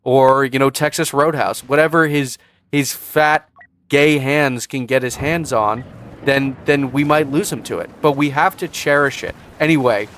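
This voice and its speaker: A man's voice: mid-range voice, a little slow, a bit bright. A man giving casual reaction commentary as a vlogger, sarcastic and rambling with restarts.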